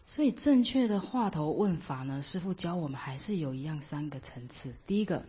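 A woman teaching Buddhist meditation, explaining each point with examples in a measured way. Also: low voice, expressive, a little mellow, breathy edge. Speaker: dharma teacher. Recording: dull lo-fi recording.

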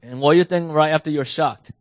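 A man teaching a lesson, animated and questioning his listeners as he explains, switching between English and Mandarin. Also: fairly high pitch, brisk, no echo, highs cut off. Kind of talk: bilingual class lesson. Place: home with a basement.

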